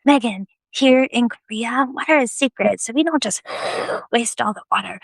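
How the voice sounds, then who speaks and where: A woman doing a gentle motherly monastery mentor. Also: on the high side, moderate pace, gravelly, no echo. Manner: calm, patient instructing.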